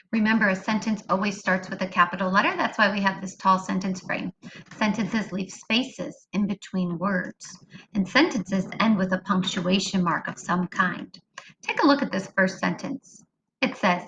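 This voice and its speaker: A woman teaching a phonics lesson to young children, slow and sing-song, drawing words out. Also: mid-range voice, creaky, pushed and bright, highs cut off, slight background noise. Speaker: kindergarten teacher.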